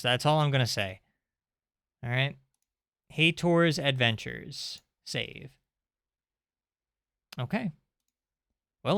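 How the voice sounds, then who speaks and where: A man's voice: a little high, pushed and bright, clean tone, no room sound, studio quality. A young man streaming indie games, chatting casually and sarcastically while reading the game's text aloud. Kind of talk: casual live-stream commentary.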